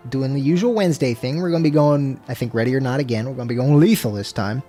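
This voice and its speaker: During a gameplay livestream, a streamer chats casually and laid-back with viewers, swearing freely and breaking into frustrated outbursts. The voice is medium-pitched, dark-toned, and fast, with soft music in the background.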